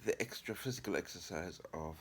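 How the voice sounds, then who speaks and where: A man's voice: sits low, fairly quick, husky. A middle-aged man vlogging casually to camera, chatty and upbeat with a rambling way of talking. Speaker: vlogger and writer. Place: apartment living room.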